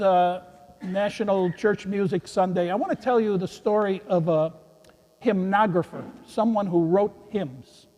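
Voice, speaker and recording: A man, a priest, giving a gentle children's sermon in a church, telling a story and chuckling with the kids. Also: high-pitched. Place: large church. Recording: echoey church hall.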